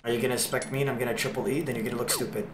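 A man livestreaming, joking with his chat in loud, swearing banter. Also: mid-range voice, steady tone, rapid-fire, echoey room, noisy background.

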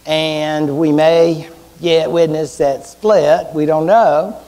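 Man, Southern US accent, history lecturer, high voice, wry rhetorical questions. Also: fairly even intonation, takes it slowly, mellow. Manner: chatty and wry, asks the class rhetorical questions. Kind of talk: university lecture.

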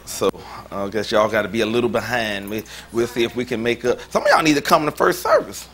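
A man's voice: medium pitch, big pitch swings, fairly quick, fairly bright tone. A pastor preaching a sermon in a joking, informal way, often laughing as he talks. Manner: informal, colloquial speech.

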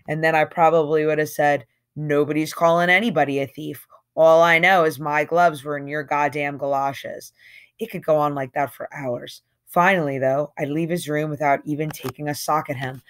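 Lady doing an audiobook read, chatty first-person narration, punchy swings in emphasis. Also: low-pitched. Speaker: audiobook reader. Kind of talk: reading a novel aloud in first person.

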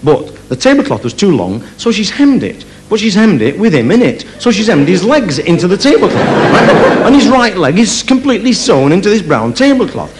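A man tells a comic story live on an opera house stage, his voice bouncing up and down with lively inflection. The tape is an old concert recording with a busy audience behind him. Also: high voice, normal speed, heavy background noise. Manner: chatty, keeps adding "right?". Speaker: stand-up comedian.

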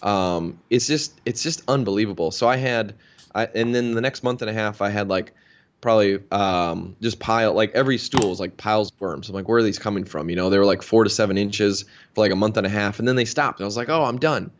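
A man in his thirties from Minnesota tells his story in a casual interview and keeps slipping into the voices of the people in it. His voice sits a little low. The recording is dull and lo-fi. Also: a little fast. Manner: animated storyteller, acts out quoted dialogue. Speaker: interview guest, health practitioner. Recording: dull lo-fi sound.

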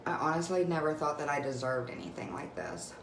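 A young woman with a low-pitched voice gushes about skincare in an excited, emotional live chat. She is recorded on a phone mic in an echoey room at home, with a faint hiss behind her. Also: a little fast. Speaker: direct sales vlogger. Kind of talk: casual live video chat.

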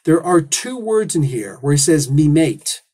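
Husky, higher-voiced man reviewing comics. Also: moderate pace. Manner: animated, ranting with rhetorical questions and asides. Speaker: comic book reviewer and host. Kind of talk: casual opinionated review monologue.

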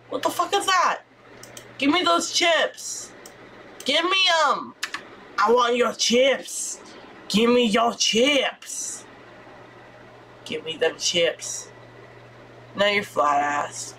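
A young adult woman streaming gameplay live, chatty and excitable, with frequent swearing and exclamations. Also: sits high, takes it slowly, slight background noise.

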